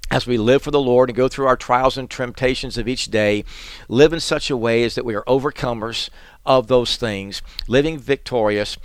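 A man's voice: medium pitch, fairly bright tone, smooth, dry recording, studio quality. A male pastor giving a radio Bible teaching, earnest and plain-spoken, acting out the prophet's words as he explains them.

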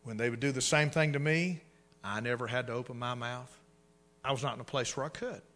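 A middle-aged male pastor preaching a sermon, swinging from hushed asides to loud, emphatic bursts. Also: medium pitch, fairly quick.

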